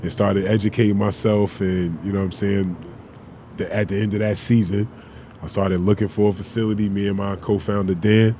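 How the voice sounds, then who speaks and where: A man's voice: fairly low pitch, brisk, slight background noise. A man in his forties, a podcast guest, telling stories in a loose, slangy, profane way. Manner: animated storyteller, slangy, profane. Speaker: guest, former basketball player. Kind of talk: casual podcast chat.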